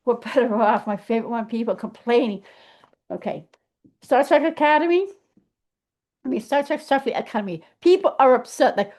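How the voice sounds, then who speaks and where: High-voiced animated woman vlogging. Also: moderate pace, pauses often. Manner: animated, emphatic, thinks aloud with restarts. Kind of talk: casual rambling monologue.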